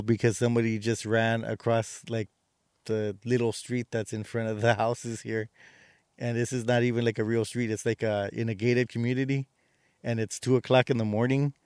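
A man's voice: medium pitch, darkish tone, clear, resonant tone, dry recording, studio quality. A man co-hosting a casual chat, retelling a movie plot in a rambling way with many fillers and restarts. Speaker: podcast co-host.

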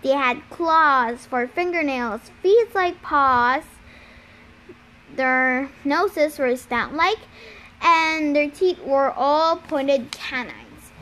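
High-voiced woman reading a novel aloud. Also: drawn-out words, pushed and bright. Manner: amateur reading with small stumbles and self-corrections. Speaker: reader.

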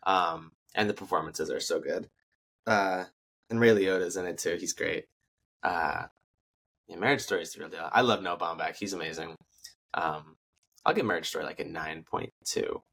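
Laid-back young man with a low voice. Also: normal speed, vocal fry, a bit bright, husky. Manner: laid-back, loose phrasing with "like" and "kinda". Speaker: podcast co-host. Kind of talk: casual movie review chat.

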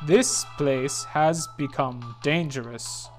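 A gamer voicing a grave, slow-speaking glowing eyeball spirit in a video game playthrough, with faint game music behind. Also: mid-range voice, natural voice. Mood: menacing. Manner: slow, solemn pronouncements.

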